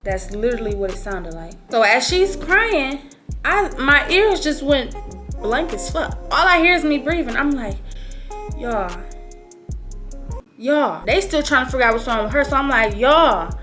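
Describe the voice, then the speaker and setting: Animated high-voiced young woman storyteller. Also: normal speed, faint music behind. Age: early 20s. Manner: animated, slangy and profane. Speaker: vlogger. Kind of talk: casual storytelling.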